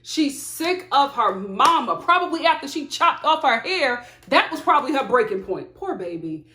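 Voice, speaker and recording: A woman reviewing a reality TV show in casual commentary to the camera, animated and exclaiming in disbelief, recorded in a room at home. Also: high voice, moderate pace, a little hiss or hum. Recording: roomy echo.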